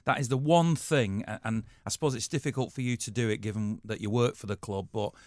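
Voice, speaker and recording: A man's voice: fairly low pitch, brisk, dry recording, clean studio sound. A man interviewing a guest, chatty and encouraging as he prompts him for stories. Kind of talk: casual interview.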